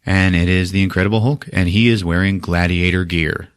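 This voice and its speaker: A man hosting a podcast who recaps a movie in a casual, profane, animated way, laughing often. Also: low voice, fairly quick, no echo, studio quality. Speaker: podcast host.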